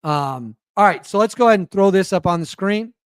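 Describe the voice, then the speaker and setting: A man's voice: high voice, lively intonation, a little fast, clean tone, no echo, studio quality. A man hosting his own show, giving rambling, sarcastic casual commentary and often stopping himself mid-sentence. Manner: rambling, self-interrupting, sarcastic. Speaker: podcast host.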